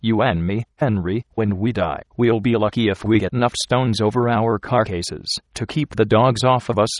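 A weary trail driver out in the frozen wilds, as a man reads him aloud, grave and insistent in his rough backwoods talk. The voice sits low. The sound is dry and close, with no room around it. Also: steady tone, normal speed, no echo, lightly acted. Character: weary male frontier trail driver, uneasy.

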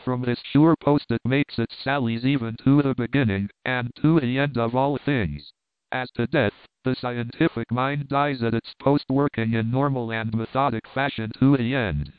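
A man's voice: mid-range voice, clean tone, no room sound, close to an everyday voice. A man voicing a stern, domineering elderly professor who talks in a lofty, lecturing way, in a plain read-aloud voice. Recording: dry, phone-like narrow sound.

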